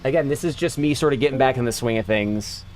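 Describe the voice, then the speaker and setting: A man's voice: medium pitch, fast, darkish tone, a little hiss or hum. A man streaming a video game, chatting casually and swearing freely with friends and viewers. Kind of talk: casual live-stream chat while gaming.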